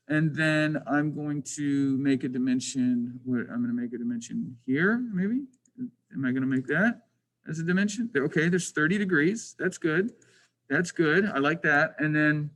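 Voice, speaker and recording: This poorly recorded man has a mid-range voice. Leading a screen-recorded drafting tutorial, he reasons aloud with frequent restarts and self-directed questions, muttering irritated asides that poke fun at himself.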